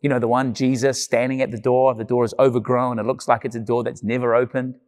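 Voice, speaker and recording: A man's voice: medium pitch, level tone, quick pace, a little mellow. A man preaching a sermon in an earnest, conversational way, with emphatic repeated phrases. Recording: long church-hall reverb.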